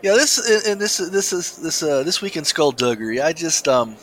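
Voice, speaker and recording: A man's voice: a little high, sing-song, a bit bright, rough recording. A man co-hosting a casual talk show, chatting with many restarts and reading a news story aloud. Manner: halting, many restarts and fillers. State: coughing, something in windpipe. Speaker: podcast co-host.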